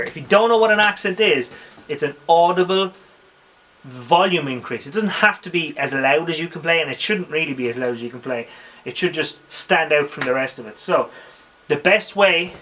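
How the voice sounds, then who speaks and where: A man with an Irish accent teaching drums in a casual spoken tutorial, counting beats aloud between his explanations. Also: a little high. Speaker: drum teacher. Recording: drum kit playing loudly behind.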